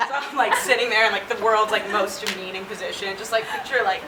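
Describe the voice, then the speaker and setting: A woman's voice: medium pitch, fast, heavy background noise. A young woman doing stand-up comedy, telling a story with lots of laughing and acting out the people in it. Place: comedy stage before a laughing audience. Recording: echoey room, mic far off, loud crowd.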